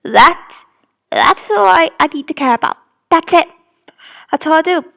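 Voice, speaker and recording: A woman's voice: high-pitched, animated, unhurried, gravelly, sharp tone. A young woman from Britain rambling defensively about criticism of her fan audio drama, with many restarts. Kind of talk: casual rant to camera.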